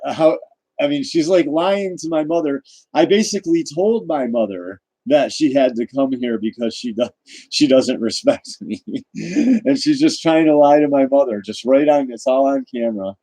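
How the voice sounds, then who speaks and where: A man talks straight into the camera in a rambling, indignant rant, circling back and restarting his sentences. His voice is mellow and a little dark. It is recorded dry and close, with no room sound. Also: medium pitch, animated, normal speed, dry recording, rough recording. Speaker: vlogger. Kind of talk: ranting personal monologue.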